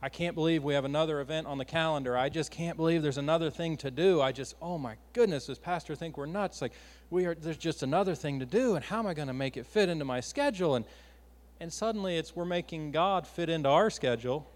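A man's voice: on the high side, fast, long reverb tail. A man preaching a sermon with passion, his force rising and falling.

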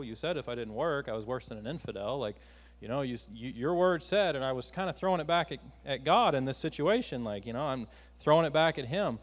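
A man's voice: medium pitch, animated, a little fast, long reverb tail. A man preaching a sermon with passion, his force rising and falling.

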